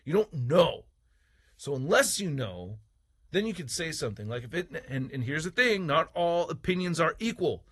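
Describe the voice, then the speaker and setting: A man's voice: fairly high pitch, very animated, normal speed, fairly bright tone, breathy edge. A man reviewing toys in a heated, profane opinion rant with sarcastic jabs. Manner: mocking, sarcastic asides. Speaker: toy reviewer. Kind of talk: ranting opinion vlog.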